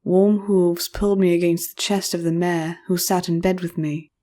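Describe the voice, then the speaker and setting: A woman reading a first-person fantasy audiobook in a measured, expressive storytelling voice. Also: lowish voice. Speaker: audiobook narrator.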